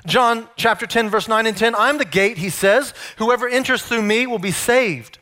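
A male preacher with a high, bright, forceful voice delivers an emphatic sermon. He keeps turning to his listeners with rhetorical questions, leaning hard on his key points. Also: normal speed.

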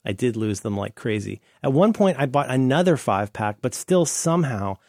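A man's voice: mid-range voice, sing-song, normal speed, darkish tone, no room sound, clean studio sound. A man hosting a podcast in casual chat, rambling and playful as he riffs from one tangent to the next. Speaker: podcast host.

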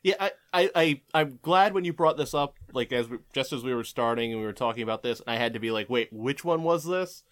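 A man's voice: mid-range voice, fast talker, hardly any pauses, fairly bright tone, clean tone. A man in his forties in casual podcast chat, rambling and profane, with lots of "like".

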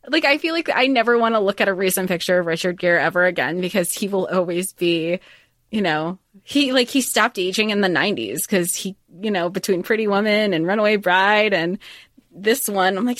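A woman's voice: mid-range voice, a little fast, no echo, clean studio sound. A woman co-hosting a podcast, chatting casually and animatedly about a film and acting out its lines. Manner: animated, acts out film lines in quoted voices. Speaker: podcast co-host. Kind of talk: casual chat.

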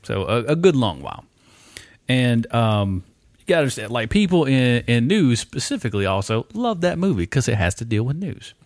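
Joking podcast host, dry close sound. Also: male voice, mid-range voice, big pitch swings, darkish tone, no echo. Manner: quick, profane, joking banter. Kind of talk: casual podcast chat.

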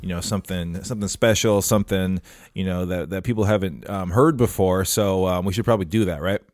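A man hosting a casual podcast, talking in a halting way full of fillers and restarts. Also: low-pitched, a little mellow, no echo, studio quality. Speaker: podcast host. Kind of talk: casual chat.

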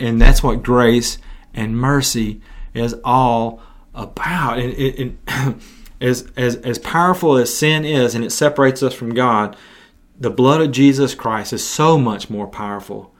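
A man preaching an earnest sermon, often restarting his phrases. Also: mid-range voice.

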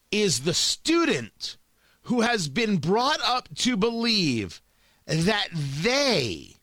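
Animated, bright-voiced man holding forth. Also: high voice, no room sound. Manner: emphatic, repeats words when restarting. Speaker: radio talk host. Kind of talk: opinionated monologue.

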